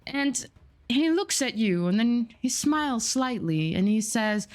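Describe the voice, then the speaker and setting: A woman narrating as a tabletop game master in a chatty, descriptive way, with many pauses and fillers. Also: a little high, lively intonation. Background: faint music.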